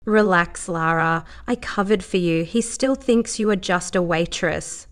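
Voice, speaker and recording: A brash redheaded young woman, teasing and crude, who sounds easy and sure of herself, as a woman reads her part. Her voice sits a bit low. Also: a little slow, lightly acted.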